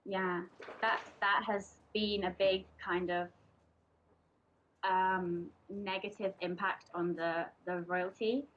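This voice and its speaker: A woman's voice: mid-range voice, steady tone, slow pace, a little hiss or hum. A young woman from England giving a casual, chatty presentation to a group, hesitating often with ums and restarts. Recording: dull lo-fi recording.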